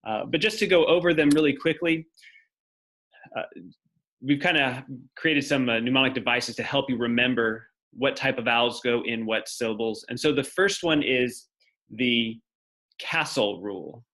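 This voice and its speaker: Explaining step by step, a teacher thinks aloud as he writes on a board during a classroom lecture. His mid-range voice is fairly bright, his intonation fairly even, and his pace moderate.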